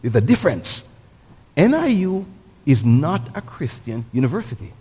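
A middle-aged man from Jamaica, preaching a sermon with lively, story-driven delivery. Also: a little high, normal speed, slightly rough, in a large hall. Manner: animated storytelling, acts out voices and sounds.

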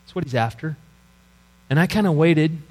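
A middle-aged man preaches his own story with earnest, storytelling warmth in the phrasing, sometimes sinking to a hushed, low delivery. His voice carries a long reverb, as from a large hall, and a faint electrical hum sits underneath. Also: animated, moderate pace. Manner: earnest storytelling, dropping to quiet low lines. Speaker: pastor. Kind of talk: sermon testimony. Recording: echoey hall with mains hum.

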